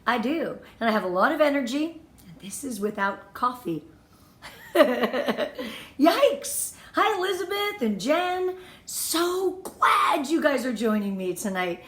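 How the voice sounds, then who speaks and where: A woman's voice: high voice, slow. A woman in her fifties from Southern California, giving an effusive, emotional motivational talk as a team leader on a live video stream. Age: 50s. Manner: bubbly, effusive, emotional and lively. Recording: echoey room.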